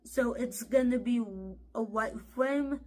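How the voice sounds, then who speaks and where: A woman chats casually for her vlog. Her voice sits a little high, and she speaks very slowly. She pauses and repeats her words as she goes. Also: steady tone, dark tone. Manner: halting, repeats herself. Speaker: vlogger.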